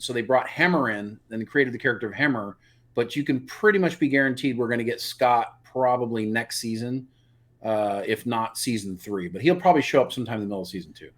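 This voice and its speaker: A man co-hosting a live review podcast, chatting casually and getting animated as he makes his points. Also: medium pitch. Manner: animated, opinionated, repeats words when excited. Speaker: podcast co-host.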